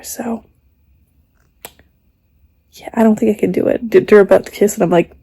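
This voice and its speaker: Woman vlogger, casual home chat, light vocal fry, camera mic. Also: mid-range voice, fairly even intonation, normal speed, warm tone. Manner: chatty, talks baby talk to her cat. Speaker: book vlogger. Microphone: camera mic, no external mic.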